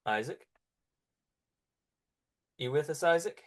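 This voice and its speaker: A man's voice: on the high side, lively intonation, slow. A man narrating as game master, in a casual style with frequent laughs and fillers.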